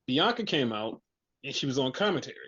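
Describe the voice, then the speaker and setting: This podcast co-host has a medium-pitched voice with a breathy edge and a fairly quick delivery. Chatting animatedly about wrestling, he swears without restraint and imitates others' quotes, all in dull lo-fi sound.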